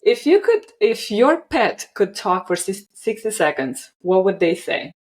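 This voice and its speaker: A woman's voice: medium pitch, sing-song, measured pace, a little mellow, poor audio. A woman hosting a podcast interview, effusive and enthusiastic, often restarting her sentences. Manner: effusive, stumbles over words. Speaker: podcast host. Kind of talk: casual interview chat.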